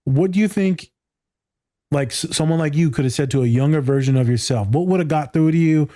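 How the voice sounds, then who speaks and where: Podcast host, man, mellow warm tone, emotional, animated, swears freely. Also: on the high side, fairly quick. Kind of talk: casual conversation.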